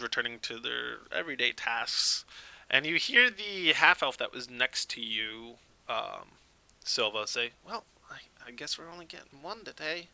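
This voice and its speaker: Man, dungeon master, gravelly, sharp bright tone, smooth resonant voice, dry close mic. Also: mid-range voice, no echo, rough recording. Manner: casual, filler-heavy narration with frequent laughs. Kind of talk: narrating a tabletop game.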